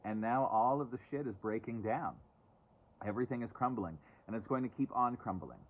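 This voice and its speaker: A man's voice: mid-range voice, a little fast. A man casually reading oracle cards on a live stream outdoors, chatty with sarcastic asides. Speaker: oracle card reader. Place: outdoors, away from home. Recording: tinny phone-like live stream.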